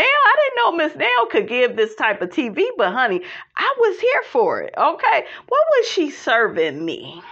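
Sassy, bright-voiced woman recapping TV. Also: high voice, wildly swooping pitch, measured pace. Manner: sassy, blunt, profane, keeps calling the viewer "honey" and "child". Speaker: reality TV recap vlogger. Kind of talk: animated casual commentary. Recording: slightly dull lo-fi sound.

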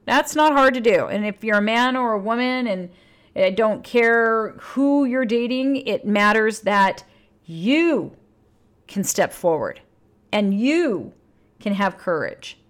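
A relationship coach delivers a casual advice monologue, candid and blunt, cursing freely. She's expressive and takes it slowly, her pitch jumping up for emphasis.

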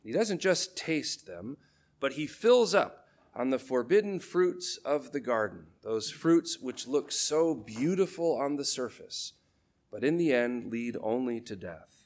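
A man, a priest, preaching a sermon in a measured, deliberate way, letting key phrases fall low for emphasis. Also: expressive, a little mellow.

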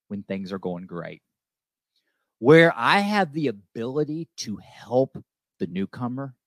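Hosting a recovery show, a man gives a heartfelt talk with emphatic conviction, repeating key lines and checking in with "okay?". His voice is mid-range, and there's no room sound.

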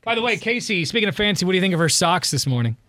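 A man's voice: high-pitched, big pitch swings, very fast, sharp tone, dry recording, studio quality, soft background music. A man hosting a morning radio show, chatting and teasing his co-hosts.

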